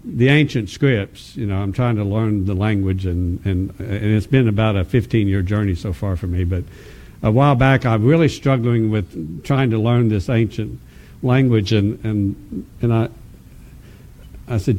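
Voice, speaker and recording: A man's voice: on the low side, normal speed. A man preaching at a conference, telling a personal testimony with laughter and acted-out dialogue, often restarting his words. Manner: animated storytelling, acts out dialogue with laughter; stammering restarts when speaking reflectively. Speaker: conference speaker.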